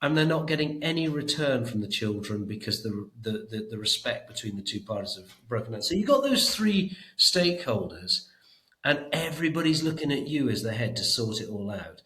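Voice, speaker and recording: A man's voice: medium pitch, big pitch swings, normal speed, a bit bright, roomy sound, rough recording. A middle-aged man talking emphatically in a podcast interview as a guest, often repeating words as he thinks. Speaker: education trust chief executive, guest.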